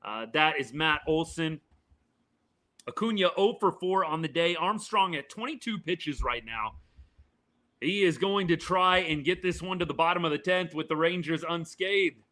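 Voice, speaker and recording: Bright-voiced opinionated sports host. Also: male voice, fairly high pitch, moderate pace. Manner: opinionated, animated, answers live chat comments. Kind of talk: live game reaction chat.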